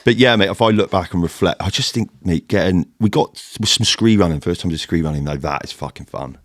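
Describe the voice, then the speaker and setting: A man, a former Royal Marine, telling sweary war and adventure stories in casual podcast chat. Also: low voice. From United Kingdom. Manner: fast, sweary, animated storytelling in military slang.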